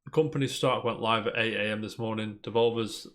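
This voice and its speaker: Guy hosting a gaming news chat, lowish voice, rambles a lot and keeps saying mate. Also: steady tone, brisk, a bit bright. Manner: chatty, rambling, peppers talk with "mate". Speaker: podcast co-host.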